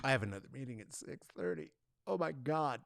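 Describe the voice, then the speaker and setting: A man's voice: medium pitch, fairly quick, vocal fry. A man hosting a casual comedic monologue, rambling and swearing through mock boos and cheers; he has lived in the Bay Area for decades. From San Francisco Bay Area. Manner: swearing, rambling, animated rants with mock booing. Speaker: host.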